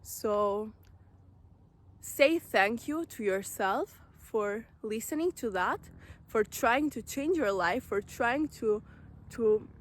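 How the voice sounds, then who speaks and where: High-pitched, slow-talking woman. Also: a little hiss or hum. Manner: earnest, direct, repeats phrases for emphasis. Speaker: self-help vlogger. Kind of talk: motivational talk to camera.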